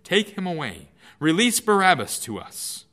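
A man voicing an angry shouting crowd. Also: fairly high pitch, wildly swooping pitch, unhurried, long reverb tail, pitched above the performer's own voice, heavily acted. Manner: loud, forceful demands.

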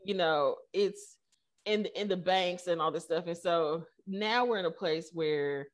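A woman's voice: lowish voice, measured pace. Middle-aged woman, tech founder guest, casual storyteller who acts out quotes. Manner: animated storyteller, many fillers, acts out quotes. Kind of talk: casual conversational interview.

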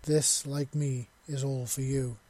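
Husky soft affectionate young guy, read by a man, steady flat tone. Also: mid-range voice, takes it slowly. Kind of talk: audio story reading.

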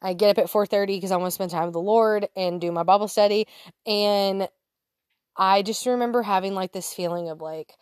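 A woman in her thirties sharing a personal faith story in a chatty, candid way, laughing easily and dropping to soft whispers. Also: mid-range voice, fairly quick, smooth, dry recording, studio quality. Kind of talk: casual personal testimony to an audience.

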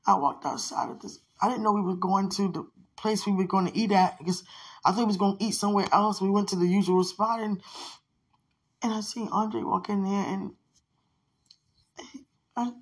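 A woman's voice: medium pitch, moderate pace, long pauses, husky. A woman host talking casually in a podcast monologue, telling chatty stories. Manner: chatty storytelling with laughs and sudden shouts.

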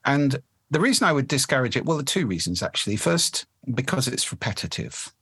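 Husky-voiced man explaining speech habits. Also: medium pitch, big pitch swings, a bit bright, dry recording. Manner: articulate, measured, demonstrates voices as he explains. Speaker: voice and speaking expert, guest. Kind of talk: conversational interview explanation.

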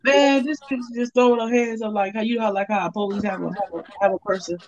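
A young man with a slightly high voice tells a long story in a casual chat on a call. His telling is loose and profane, full of fillers and restarts. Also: fairly even intonation, fast talker, dull audio.

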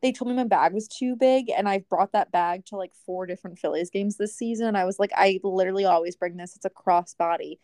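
A woman's voice: medium pitch, fairly quick, hardly any pauses, mellow, no echo. A woman, co-hosting a podcast in casual chat, ranting through stories and quoting people with frequent laughs. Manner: chatty, ranting storyteller, quotes people, laughs often. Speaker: podcast co-host.

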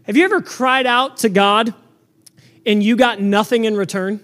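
A man with a strikingly high voice preaches a sermon into a microphone. He is loud and earnest and often stumbles and repeats words as he drives his point home. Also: steady tone, normal speed. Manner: loud, earnest, repetitive restarts. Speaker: pastor.

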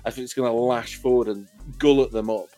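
A man's voice: mid-range voice, steady tone, fairly quick, mellow, faint music behind. A man narrating a tabletop game as game master, rambling and full of fillers.

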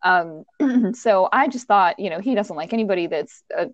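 A woman telling a workplace story in a casual chat, animated and laughing often as she talks. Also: mid-range voice, normal speed, no room sound. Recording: dull, dry sound.

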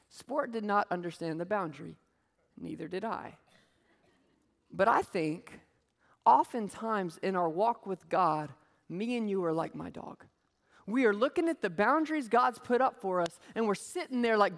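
A man giving a humorous, animated sermon, telling a story and acting out voices. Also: high-pitched, normal speed, in a large hall. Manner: animated, jokey, acts out voices.

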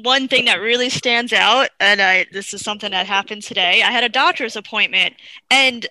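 A woman's voice: medium pitch, moderate pace, sharp tone, dry recording, poor audio. A woman guesting on a podcast, chatting in an exasperated way about her day. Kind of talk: casual podcast chat.

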